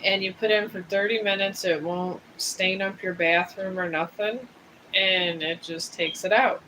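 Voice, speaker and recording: Male tarot reader on a livestream; high-ish voice, rambling and chatty, laid-back. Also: fairly even intonation, a little slow, pushed and bright, slight background noise, poor audio. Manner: rambling and chatty, drifting between topics. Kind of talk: casual livestream chat. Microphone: streaming setup.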